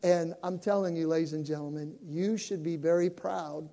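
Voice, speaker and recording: An older male pastor making an animated appeal to his congregation, building up to shouting. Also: on the high side, moderate pace, vocal fry. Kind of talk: sermon announcement to a congregation. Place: church sanctuary. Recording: long reverb of a church hall.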